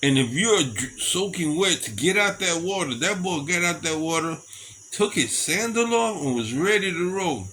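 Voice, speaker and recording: A middle-aged man telling stories in a casual monologue, animated and chuckling often between them. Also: a little high, moderate pace, slight background noise, poor audio. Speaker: storyteller.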